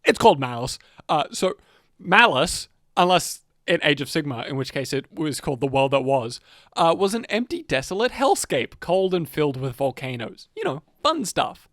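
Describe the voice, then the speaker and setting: A man's voice: on the high side, sing-song, normal speed, a bit bright, dry recording, clean studio sound. Profane rambling man telling fantasy lore. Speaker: podcast co-host narrating lore. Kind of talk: casual lore chat.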